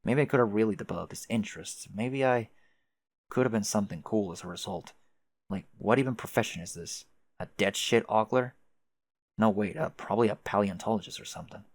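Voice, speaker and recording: A man's voice: on the low side, fairly quick, no echo. A young man voicing a sardonic, self-mocking young guy who talks dryly and swears casually. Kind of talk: reading a webcomic aloud, voicing characters.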